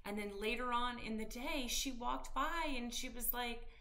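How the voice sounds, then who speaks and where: Bright-voiced woman, chatty stitching vlogger. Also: fairly high pitch, moderate pace. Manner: rambling, warm-hearted, many ums and restarts. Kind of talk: casual chat to camera.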